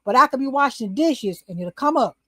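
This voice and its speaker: An older woman, a talk show host, telling a personal faith story in casual, animated chat. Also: sits high, a little fast, no room sound.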